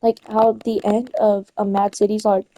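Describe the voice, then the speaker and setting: A woman's voice: mid-range voice, little pitch movement, moderate pace, warm tone, rough recording. A young woman chatting casually while gaming, rambling through a story and often correcting herself and losing her place. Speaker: gamer retelling a story.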